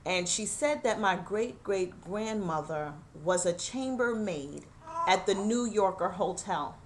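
A woman's voice: medium pitch, animated, a little slow, slight background noise. A middle-aged woman host giving an earnest, encouraging personal talk, emotional and holding back tears. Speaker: show host.

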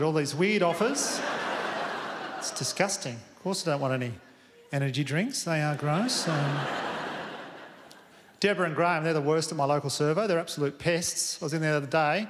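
A man with an Australian accent doing a stand-up comedy set in a big theatre, telling stories in a laconic, deadpan way with plenty of swearing. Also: a little high, moderate pace, pauses often. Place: large theatre stage. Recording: long hall reverb, audience noise. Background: audience laughter.

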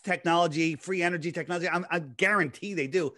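A man's voice: on the high side, quick pace, fairly bright tone. A man talking casually as a podcast guest, explaining his ideas at length in a lecturing way, with many restarts.

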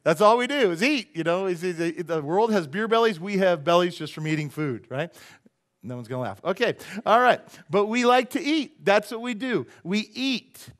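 A middle-aged pastor preaches in a loose, conversational way, cracking jokes and checking in with the congregation. His voice sits a little higher than most men's. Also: lively intonation, normal speed, a bit bright. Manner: conversational, joking, asks the congregation questions. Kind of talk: sermon.

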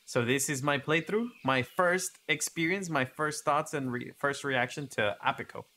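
A man's voice: on the high side, normal speed, bright, forceful tone, slight background noise. A man giving casual gameplay commentary and reading game text aloud with chatty asides. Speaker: gaming video creator.

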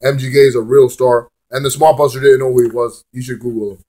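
A young man ranting casually to camera about wrestling, profane and rambling, swinging between loud outbursts and mumbling. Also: medium pitch, level tone, quick pace. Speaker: wrestling vlogger.

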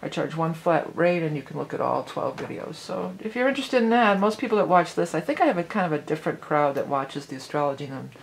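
Chatty low-voiced woman astrology host. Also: fast talker, vocal fry, hardly any pauses, a little hiss or hum. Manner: chatty, animated, lots of "you know". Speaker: psychic astrology channel host. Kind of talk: casual rambling astrology talk.

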